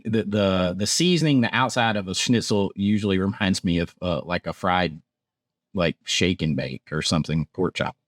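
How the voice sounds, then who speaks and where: A man's voice: on the low side, no room sound, studio quality. A man from Georgia, a theme park vlogger chatting casually through food menus and laughing at himself as he stumbles over foreign words. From Georgia, USA. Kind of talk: casual menu rundown.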